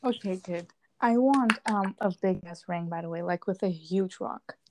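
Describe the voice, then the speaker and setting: A young woman whose first language is Dutch, chatting casually in an excitable, gushing way. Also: medium pitch, normal speed, background noise. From grew up speaking Dutch. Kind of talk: casual chat.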